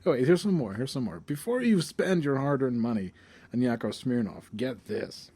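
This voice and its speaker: A man co-hosting a casual podcast, wry and joking, quick to break into a laugh. His voice is mellow and soft-edged, at an average pitch. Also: sing-song, slightly rough. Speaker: podcast co-host. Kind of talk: casual chat.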